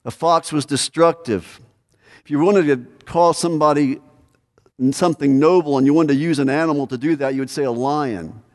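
A man preaching a conversational expository sermon, asking questions and pressing his points with emphasis. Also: on the high side. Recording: hall reverb.

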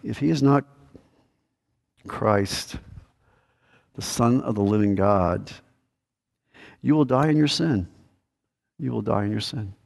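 A male pastor preaching a sermon, emphatic and repetitive, swinging from loud declarations to a hushed, earnest plea. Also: on the low side, vocal fry.

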